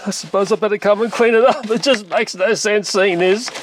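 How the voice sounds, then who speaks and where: Casting: higher-voiced male vlogger, chatty, exasperated exclamations. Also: fairly quick. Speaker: toy collector vlogger. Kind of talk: casual vlog chat.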